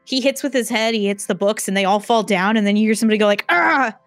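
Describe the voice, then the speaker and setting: A woman's voice: mid-range voice, fairly even intonation, rapid-fire, no room sound, faint music behind. A woman narrating as game master in a casual, filler-heavy, giggly way.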